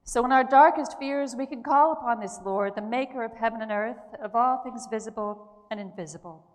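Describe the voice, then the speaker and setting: A woman preaching a sermon in a church, earnest and emphatic, with slow pauses between phrases. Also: fairly high pitch. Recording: long hall reverb.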